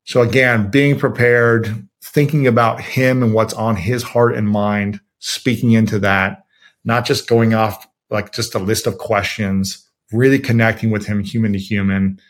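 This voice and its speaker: A man from Ohio telling a story in a relaxed interview, acting out quotes with lots of fillers. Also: fairly low pitch, a little slow. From Ohio, USA. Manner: animated, quotes himself and others with many fillers. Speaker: podcast host as guest. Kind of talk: conversational storytelling.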